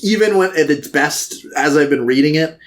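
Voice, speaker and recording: A man co-hosting a podcast in casual chat, animated and jokey, sometimes slipping into silly voices. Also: on the high side, moderate pace. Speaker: podcast co-host.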